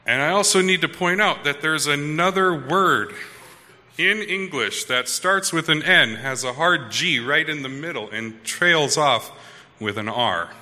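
A man's voice: a little high, unhurried, pushed and bright, long reverb tail. A man in his thirties from Wisconsin, a pastor telling a story in a sermon and talking casually to his listeners, often checking that they follow. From Wisconsin, USA.

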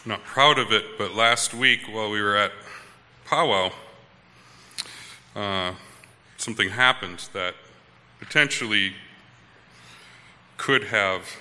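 Bright-voiced pastor telling a story. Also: male voice, on the low side, slow, long pauses, long reverb tail. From Wisconsin, USA. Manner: conversational, checks in with listeners. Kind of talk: storytelling sermon.

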